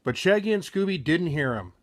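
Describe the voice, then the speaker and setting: A man's voice: fairly high pitch, very animated, a little fast. A man reading a children's picture book aloud with frequent slips and self-corrections.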